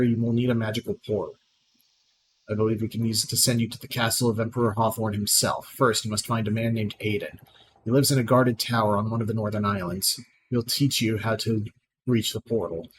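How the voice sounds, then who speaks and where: A man reading out the lines of a proud, scornful female sorceress in a video game, plainly and with small slips, over clear background noise. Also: fairly low pitch, steady tone, a little fast, lightly acted.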